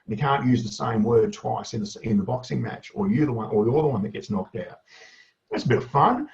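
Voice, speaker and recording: A man giving a casual, energetic webinar tutorial to school leaders, chatty with asides. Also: lowish voice, brisk, vocal fry. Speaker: education consultant presenting a webinar. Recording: dull lo-fi webinar audio.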